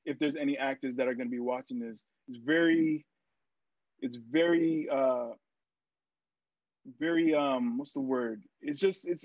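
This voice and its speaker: A young man and actor, a podcast guest, telling stories in a casual interview, lively and full of fillers as he acts out what people said. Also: mid-range voice, no room sound. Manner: animated storyteller, acts out quotes, many fillers. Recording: dry, muffled lo-fi sound.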